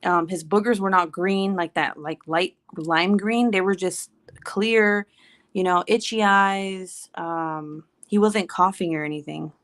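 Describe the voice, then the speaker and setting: A woman in her thirties chatting casually to camera, telling an animated story full of quoted voices. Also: on the low side, measured pace. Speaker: vlogger. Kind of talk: casual chat.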